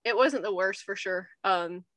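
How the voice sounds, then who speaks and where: A woman's voice: medium pitch, a little slow, fairly bright tone, no echo. An American woman co-hosting a podcast in casual chat, thinking aloud and rambling with lots of fillers. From United States. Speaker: podcast co-host.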